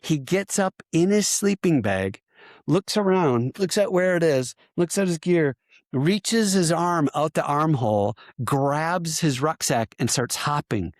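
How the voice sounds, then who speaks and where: A man in his fifties, a veteran podcast guest, telling army stories in a casual interview, lively and laughing as he acts out the shouting. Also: fairly high pitch, unhurried, no echo, studio quality. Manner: animated storyteller who acts out shouted quotes and often laughs.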